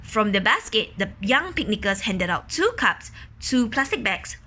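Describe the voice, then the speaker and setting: A woman reading a children's picture book aloud, pausing to ask questions, explain words and imitate quacking ducks. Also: mid-range voice, sing-song, bright, forceful tone, a little hiss or hum. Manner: imitates quacking and gasps for effect. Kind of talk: children's story read-aloud.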